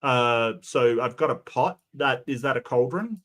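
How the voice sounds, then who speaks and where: A man's voice: mid-range voice, unhurried, fairly bright tone, slight background noise. A man giving sarcastic, mocking reaction commentary, often stumbling and restarting his sentences.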